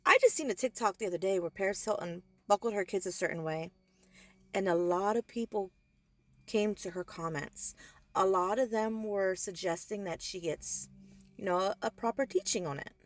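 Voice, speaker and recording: A woman's voice: medium pitch, normal speed, fairly bright tone. A young adult woman in a heated, profane social media rant, speaking emphatically and swearing often. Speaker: vlogger.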